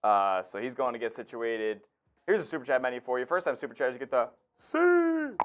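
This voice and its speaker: A man's voice: mid-range voice, animated, fast, a bit bright. A man co-hosting a live sports stream, chatting casually, laughing and reading out messages from viewers. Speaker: co-host.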